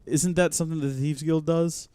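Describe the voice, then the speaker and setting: A man hosting a live game stream, chatting, joking and reacting out loud as he plays. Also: a little high, fairly even intonation, a little fast, clear, resonant tone, no room sound. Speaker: host.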